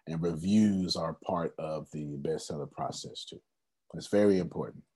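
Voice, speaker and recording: A man's voice: very deep voice, moderate pace, warm tone, slightly rough. A man hosting a casual group video meeting, encouraging and repeating his praise. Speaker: host.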